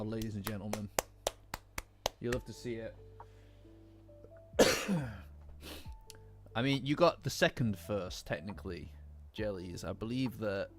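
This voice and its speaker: A man with a lingering cough, chatting casually and rambling with his live-stream audience, swearing now and then. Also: fairly low pitch. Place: cold room at home. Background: faint lo-fi music.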